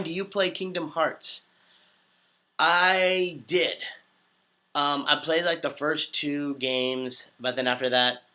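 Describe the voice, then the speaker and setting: A man in his twenties chatting casually on a livestream, answering viewer comments in an upbeat, easily excited way. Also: medium pitch. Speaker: voice actor hosting a livestream.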